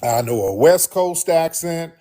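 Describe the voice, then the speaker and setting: A man's voice: on the high side, lively intonation, unhurried, mellow. Guy hosting his show, blunt and fired up, keeps repeating himself. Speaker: host. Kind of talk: casual monologue to listeners.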